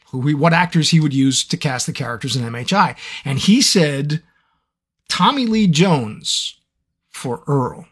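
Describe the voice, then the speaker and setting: Animated man chatting with fans. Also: fairly high pitch. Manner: animated, playful storyteller. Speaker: audiobook narrator. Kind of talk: live fan Q&A chat.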